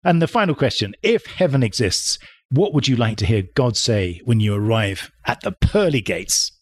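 A man hosting an interview podcast, quizzing his guest playfully with quick questions and small laughs. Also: medium pitch, animated, no echo, studio quality. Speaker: podcast host.

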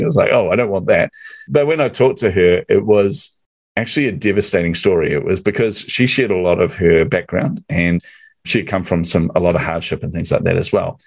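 A man with a fairly low voice tells a story on his podcast in a relaxed, chatty way. He acts out the other people's lines with lively energy and laughs as he goes. The sound is dry and close, with no room echo. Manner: animated storyteller acting out quotes, laughs often. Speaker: podcast host telling a guest story. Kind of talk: casual storytelling chat.

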